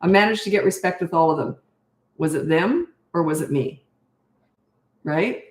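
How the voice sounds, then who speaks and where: A woman's voice: fairly low pitch, normal speed. Blunt older woman parenting coach, echoey. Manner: blunt, emphatic, repeats key points. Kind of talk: casual Q&A, reading and answering viewer questions.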